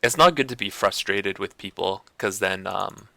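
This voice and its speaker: A man's voice: low-pitched, moderate pace, gravelly, pushed and bright, no room sound. A man streaming and chatting casually, rambling along and restarting his sentences with lots of fillers. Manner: heavy use of like and you know. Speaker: gaming streamer. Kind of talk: casual chat.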